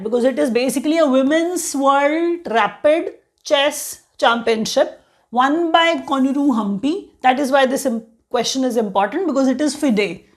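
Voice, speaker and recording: A woman with an Indian English accent teaching an exam-prep current affairs lesson in a chatty way, often saying "you know". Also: high-pitched.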